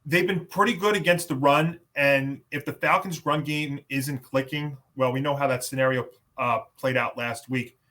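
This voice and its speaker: Bright-voiced podcast host. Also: male voice, medium pitch, steady tone, normal speed, few pauses. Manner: announcer-like, hands off between panelists. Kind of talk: sports podcast, moderating picks.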